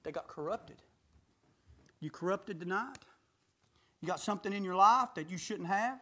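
A middle-aged man preaches a folksy sermon full of rhetorical questions, swinging between shouting and low, intimate talk. He's expressive and speaks at a moderate pace.

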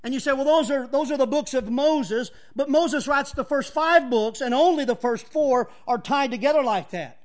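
High-voiced man preaching a lively sermon. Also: normal speed, few pauses. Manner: animated preaching, rising to emphatic near-shouts on scripture; conversational asides with chuckles to the congregation. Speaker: pastor. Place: church.

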